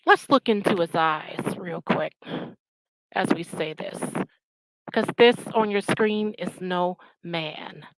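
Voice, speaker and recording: On her channel, a female host delivers confrontational, scornful commentary laced with profanity. She speaks slowly with a fairly low pitch, captured in a rough recording.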